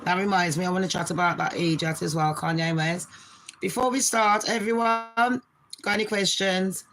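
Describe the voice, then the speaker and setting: A British woman in her forties hosting a casual live stream from her bedroom, talking fast and swearing freely as she chats to her viewers and calls them babes. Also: on the low side, fairly even intonation, background noise. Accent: British English.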